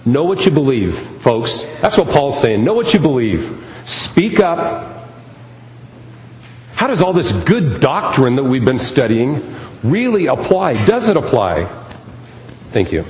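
A man with a mid-range, darkish voice preaches a sermon as a pastor, speaking emphatically and repeating key phrases. There's slight background noise, and the recording comes from an echoey hall with faint ambience.

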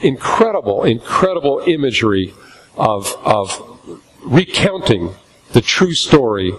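A man preaching a sermon in a church, reading scripture aloud and slowing down for emphasis. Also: medium pitch, very animated, slight background noise, poor audio. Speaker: pastor.

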